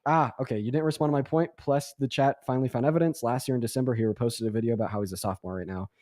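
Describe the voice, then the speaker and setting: A man's voice: mid-range voice, rapid-fire, darkish tone, no echo, studio quality. A young adult man hosting a livestream debate, casual and rambling with lots of fillers, often sarcastic.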